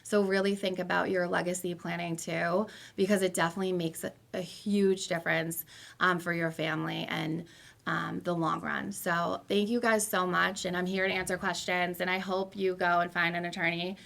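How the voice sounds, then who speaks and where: Woman lawyer, warm direct closing remarks, low pitch with a gravelly edge. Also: level tone, moderate pace. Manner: friendly, direct advice. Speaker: estate planning attorney. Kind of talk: closing remarks at a public panel.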